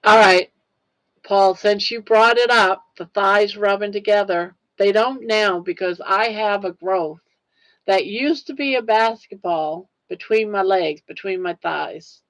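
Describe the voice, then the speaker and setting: Older woman, livestream host, slow unhurried delivery, teary, earnest and heartfelt. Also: medium pitch, a bit bright, poor audio. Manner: heartfelt, earnest, talks straight to viewers. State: tearful. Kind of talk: casual livestream chat.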